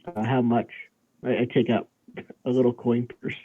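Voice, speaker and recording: A man's voice: mid-range voice, flat delivery, moderate pace. Hesitant man on a tinny line. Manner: hesitant, stammering. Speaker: player. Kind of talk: tabletop game play.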